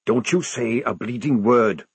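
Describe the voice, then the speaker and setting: Man doing a gruff, burly army sergeant. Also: medium pitch, lively intonation, normal speed, fairly bright tone, dry recording. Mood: hissing. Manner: barking, curt commands.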